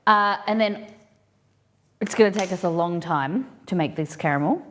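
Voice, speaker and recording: A woman with a slightly low voice runs a relaxed live cooking demonstration from her kitchen. She chats freely, thinks out loud and drifts into asides mid-sentence. A faint noise sits under the recording. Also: moderate pace. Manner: chatty, thinks aloud, rambling asides. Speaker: cooking stream host.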